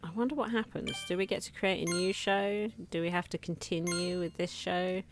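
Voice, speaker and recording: A woman with a fairly low voice talks through her game in a relaxed, thinking-aloud way. She chatters and laughs at herself as she goes. Soft music plays faintly behind her. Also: moderate pace. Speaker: gaming video host. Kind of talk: casual let's-play commentary.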